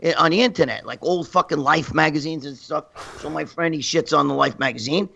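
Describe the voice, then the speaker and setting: Bright, high-voiced New man rambling. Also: a little fast, creaky, dull audio. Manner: profane, rambling, laughing through stories. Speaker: guest storyteller. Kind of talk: crude comic anecdote.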